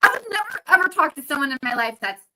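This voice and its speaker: A woman hosting a live interview, gushing and excited about her guest. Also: high voice, fast, a little hiss or hum, rough recording. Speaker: host.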